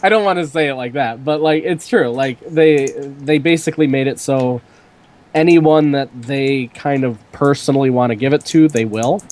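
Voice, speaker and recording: A man's voice: medium pitch, moderate pace, darkish tone. Rambling young man on a podcast. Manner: rambling, loose storytelling with many fillers. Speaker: podcast host. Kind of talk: casual podcast chat.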